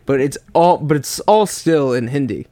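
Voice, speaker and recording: Joking young man, slightly high voice. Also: expressive, moderate pace, dark tone, no room sound. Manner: joking, riffs with mock impressions. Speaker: podcast co-host. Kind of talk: casual chat.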